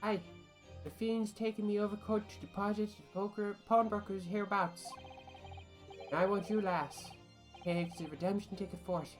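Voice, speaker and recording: A woman voicing a scheming older male villain while reading game dialogue aloud, threatening and deliberate. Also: medium pitch, steady tone, faint music behind, lightly acted. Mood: menacing.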